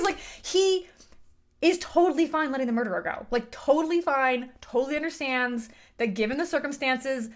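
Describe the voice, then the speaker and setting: A woman giving a casual, animated review rant, exasperated and full of fillers. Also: sits high, moderate pace. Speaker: book and film reviewer.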